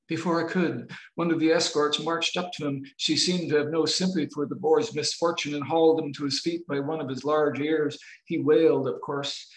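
A novelist reading his novel aloud in a measured, expressive way over a video call. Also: fairly high pitch. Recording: roomy video-call audio.

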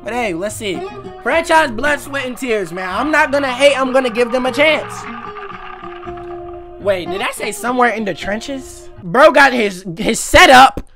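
A man's voice: very high voice, expressive, moderate pace, music in the background. A man hosting a reaction video, giving blunt, mocking commentary in heavy slang.

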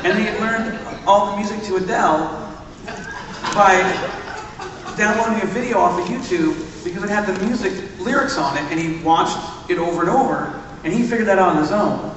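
Animated man telling stories in an echoey hall. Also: high-pitched, brisk, crowd noise. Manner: animated anecdote-telling, acts out quotes. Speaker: podcast co-host on stage. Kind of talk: live panel storytelling. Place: large convention hall stage. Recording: echoey hall recorded from far off.

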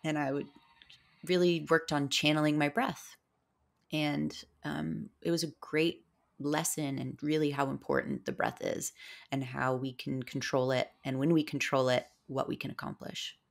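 A woman's voice: low voice, little pitch movement, normal speed, vocal fry. A woman guest on a podcast, telling a personal story in a rambling way with many fillers. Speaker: podcast guest, psychedelic guide. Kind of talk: casual storytelling interview.

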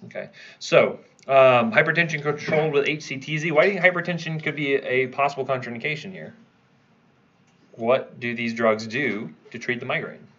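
A man's voice: lowish voice, fairly bright tone, lo-fi sound. A man teaching a pharmacology review class, quizzing students and checking in with "right?" as he goes. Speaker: pharmacology instructor. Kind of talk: review lecture.

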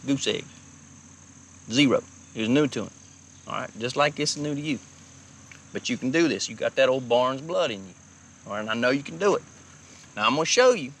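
A man playing a gentle, encouraging father who coaxes his son along with folksy talk, in a film drama. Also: medium pitch, animated, brisk, long pauses, husky. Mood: coaxing. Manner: folksy, coaxing pep talk. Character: gentle, encouraging working-class Southern dad.

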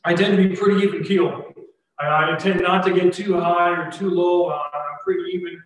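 A man's voice: sits high, fairly even intonation, normal speed, a little hiss or hum. A man in his forties preaching a sermon, earnest and conversational, full of rhetorical questions. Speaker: pastor. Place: church sanctuary. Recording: echoey church hall, mic heard from a distance.

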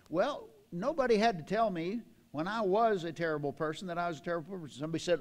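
High-voiced older preacher. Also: male voice. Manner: preaching with dramatic slow emphasis on scripture. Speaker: pastor. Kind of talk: sermon. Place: church sanctuary.

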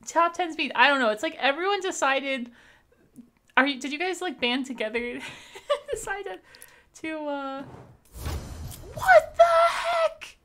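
A young woman from Canada talks to her live-stream viewers over gameplay, bubbly and quick to laugh. Her voice sits a touch high and rings very bright. She chats casually, as if in a home streaming setup. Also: expressive. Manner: bubbly and chatty, thanks viewers, laughs often.

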